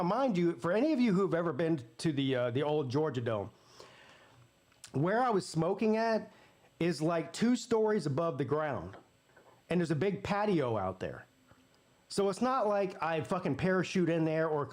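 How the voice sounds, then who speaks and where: A man's voice: on the high side, darkish tone. A man hosting a live sports watch party, telling a story in a casual way, swearing freely and acting out the voices he quotes.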